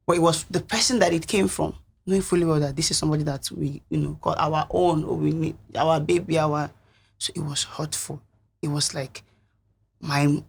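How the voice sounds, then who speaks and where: A young woman, a reality show contestant, recounting events in an interview in an earnest, reflective way, with a husky voice. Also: low-pitched.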